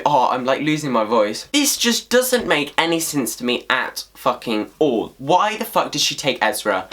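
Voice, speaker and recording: A man ranting casually to camera as a vlogger, swearing freely in an animated, exasperated way. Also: on the high side, unhurried.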